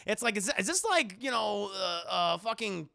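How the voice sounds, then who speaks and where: A young man casually recapping a movie for his live chat, sarcastic and jokey, swearing freely and acting out the characters in quick asides. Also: high voice, very animated, gravelly, pushed and bright. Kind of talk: casual profane film recap.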